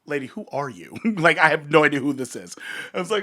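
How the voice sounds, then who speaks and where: Talking fast in a fairly high voice, this podcast co-host, a young man, recounts a bar story casually. He animates it by performing the quotes and cursing liberally.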